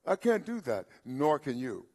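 A man in his seventies preaching a sermon as pastor, repeating phrases and asking rhetorical questions, with frequent halting restarts. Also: mid-range voice, sing-song. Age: 70s. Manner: repetitive preaching with rhetorical questions, swelling louder at points; halting restarts and filler sounds.

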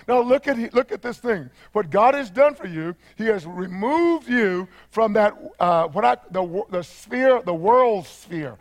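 A man with a Texan accent preaching a sermon as pastor, repeating phrases and rising to fervent shouts. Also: sits high, lively intonation, moderate pace, hardly any pauses.

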